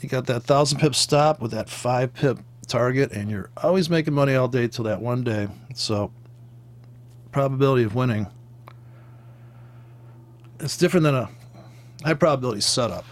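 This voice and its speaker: A man talking loosely through a live trading session, drifting between market talk and stray stories. He swears casually, laughs at his own jokes and imitates sounds as he goes. His voice sits in an ordinary middle pitch. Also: moderate pace, pauses often. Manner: profane, joking, tangent-prone, with laughs and sound imitations. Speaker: forex trading streamer. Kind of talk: rambling casual commentary over trading charts.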